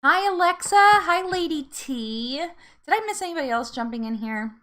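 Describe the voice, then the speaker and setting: A woman's voice: high voice, expressive, normal speed, pushed and bright. A woman hosting a live weight loss support chat, chatting casually, laughing often and reading out viewer comments.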